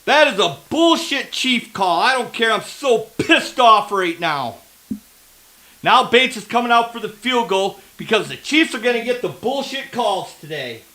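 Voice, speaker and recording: A man with a very high, bright voice reacting live to a football game. He rants angrily and swears heavily, heckling the referees over every call. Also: animated, measured pace, poor audio. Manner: angry ranting, heavy swearing. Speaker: football fan.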